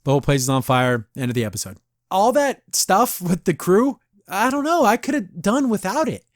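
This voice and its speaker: This podcast host has a high, sing-song voice and talks at a normal speed, recorded dry with studio quality. He reviews an episode casually, chatty and rambling, laughing often and saying "I don't know" a lot.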